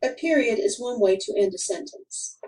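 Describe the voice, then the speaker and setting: A woman reading a grammar lesson for children aloud, in a careful, deliberate way with clear pauses. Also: fairly high pitch, lively intonation, dark tone, recorded from a distance, poor audio. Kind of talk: slow scripted instructional narration.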